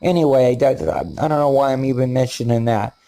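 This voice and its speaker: An older man in a casual vlog, narrating his own video footage in a rambling, halting way, with repeated words and many fillers. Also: mid-range voice, steady tone, warm tone. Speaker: paranormal video maker.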